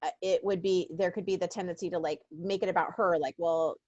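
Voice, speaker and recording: A woman's voice: fairly low pitch, steady tone, a little fast, a little mellow, dry recording, muffled recording. An American woman hosting an interview, chatting casually with plenty of fillers and restarts. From United States. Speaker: interview host.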